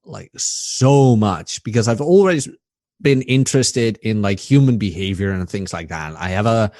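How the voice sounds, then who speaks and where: A man's voice: fairly low pitch, a little slow, dry recording. Young Dutch man, dry close sound. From Netherlands. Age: young adult. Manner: animated, ranting, swears casually. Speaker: podcast guest. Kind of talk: casual chat.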